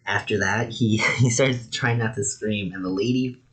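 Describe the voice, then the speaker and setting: A man's voice: lowish voice, steady tone, normal speed, fairly bright tone. A man casually reviewing anime episodes, rambling with lots of "like" and "you know".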